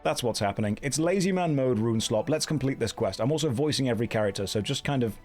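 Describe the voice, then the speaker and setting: A man's voice: medium pitch, lively intonation, fast, darkish tone, soft background music. A man streaming a game and commenting casually, with a dry, joking manner.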